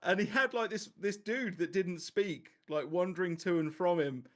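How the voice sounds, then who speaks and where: A man's voice: high-pitched, moderate pace, fairly bright tone. A man hosting a casual podcast, rambling and laughing as he chats about games. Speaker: podcast host.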